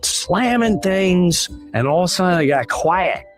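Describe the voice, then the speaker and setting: A man telling a personal story at an open mic, animated and acting out the quotes. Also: a little high, faint music behind. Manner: unhurried, animated, acts out quotes.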